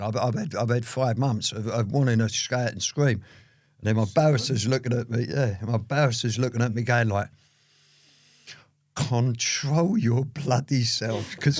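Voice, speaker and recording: A man's voice: mid-range voice, dry recording. A man, an interview guest telling his story in a rambling, casual way full of "you know".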